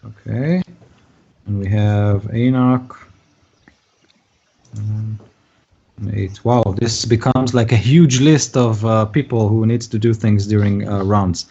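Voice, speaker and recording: A man's voice: lowish voice, fairly even intonation, takes it slowly, long pauses, breathy edge. A man running a tabletop game as game master, talking with many fillers and restarts. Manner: hesitant, many fillers, puts on shouting voices for figures. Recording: dull lo-fi voice chat audio.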